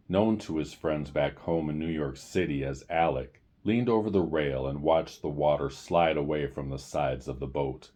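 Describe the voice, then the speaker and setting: A man hosting a storytime show, reading a chapter book aloud in a measured, deliberate way. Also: a bass voice, warm tone, slightly rough. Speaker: storyteller host.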